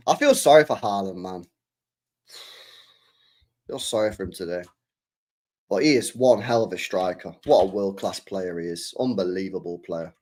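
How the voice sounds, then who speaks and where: A man's voice: deep voice, unhurried, pauses often, darkish tone. A young man talking casually on a live stream as a football fan, passionate, swearing and repeating his points.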